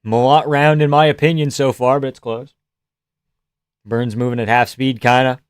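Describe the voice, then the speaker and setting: A man's voice: medium pitch, level tone, moderate pace, smooth, no echo. Man calling a fight live, dry close sound. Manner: profane, joking, laughs often; reacts loudly to big shots. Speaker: live stream fight commentator. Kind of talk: casual live fight reaction commentary.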